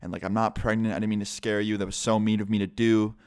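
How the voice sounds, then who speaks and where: A man's voice: lowish voice, little pitch movement, fast, clean tone, no room sound, clean studio sound, close to an everyday voice. A man quoting his young ex-girlfriend in his own voice, rambling and apologetic with lots of fillers. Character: upset young ex-girlfriend pleading.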